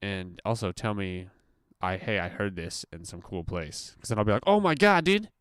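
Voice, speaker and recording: A young man hosting a solo podcast from the floor at home, rambling crudely and profanely, self-mocking and laughing at his own jokes while high. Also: fairly even intonation, normal speed, clean tone, no echo, clean studio sound. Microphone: computer mic.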